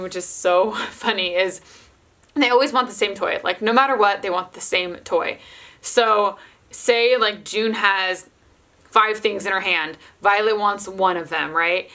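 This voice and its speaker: Chatty young mom, casual vlog talk. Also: female voice, mid-range voice, fairly bright tone. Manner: chatty, fills speech with "like". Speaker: mother of toddler twins, vlogger. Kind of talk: casual chat to camera.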